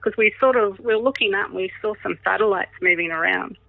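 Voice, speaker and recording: A woman's voice: medium pitch, fast talker, gravelly, no echo. A woman in her thirties tells a personal story with lots of energy and laughs often. Her voice comes through a narrow, phone-like line. The sound is dry, with no room around it. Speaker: podcast guest.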